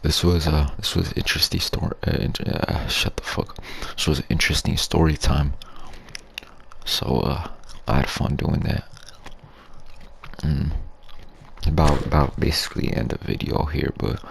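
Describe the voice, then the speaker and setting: A man's voice: fairly even intonation, normal speed, slight background noise. A young man telling a crude, rambling ASMR story in slangy street talk, half whispered. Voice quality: low gravelly breathy voice. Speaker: YouTube storyteller.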